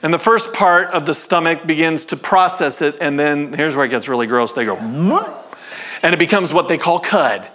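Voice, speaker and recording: A man preaching a sermon to his congregation in a church, conversational and animated, with call-and-response. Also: a little high, a little fast, few pauses. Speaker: pastor.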